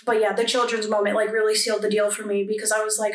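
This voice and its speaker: A woman's voice: medium pitch, little pitch movement, fast talker, few pauses, recorded from a distance. A young adult woman, a church guest in a casual interview, talking chattily with many fillers and restarts. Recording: echoey room, a bit off mic.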